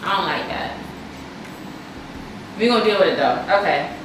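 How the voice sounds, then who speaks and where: A woman's voice: on the low side, expressive, normal speed, distant mic, noisy background. A young American woman chatting casually through viewer questions, emphatic and repeating her points for stress. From United States. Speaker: vlogger answering viewer questions. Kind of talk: casual Q&A chat. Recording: very echoey room, faint music.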